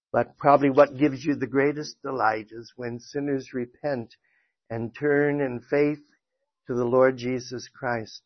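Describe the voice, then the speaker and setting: A man's voice: medium pitch, no echo, lo-fi sound. Man teaching a church lesson, dry sound. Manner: conversational with frequent fillers and restarts. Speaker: Sunday school teacher. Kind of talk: church lesson with scripture reading and prayer. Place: church classroom.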